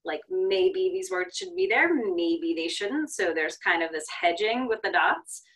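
A woman Torah scribe explaining interpretations in an online class, measured with some fillers. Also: medium pitch, very animated, fairly bright tone, poor audio.

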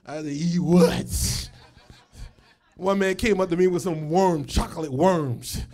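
A man preaching a live sermon as a pastor, shouting, laughing and swinging between loud and soft. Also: sits high, moderate pace. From United States.

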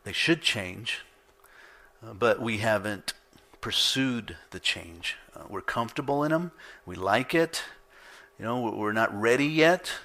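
Man, pastor, conversational sermon, emphatic repetition, bright tense tone. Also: on the low side, expressive, a little slow. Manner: conversational teaching, rhetorical questions, emphatic repetition.

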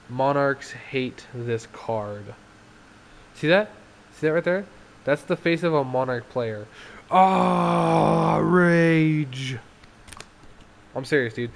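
A young man talking casually through his card game deck, excitable, laughing often and acting out his opponents. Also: mid-range voice, slight background noise.

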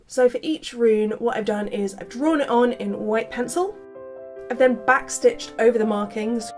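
Chatty woman, higher voice. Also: normal speed, a little mellow, faint music behind. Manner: chatty, playful, self-mocking asides. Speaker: costume maker. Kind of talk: casual sewing vlog narration.

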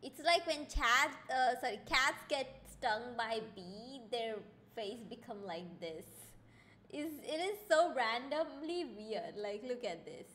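Animated young woman streamer. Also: a little high, takes it slowly, a little hiss or hum. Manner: excitable, chatty, reads game lines aloud. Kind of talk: live game commentary.

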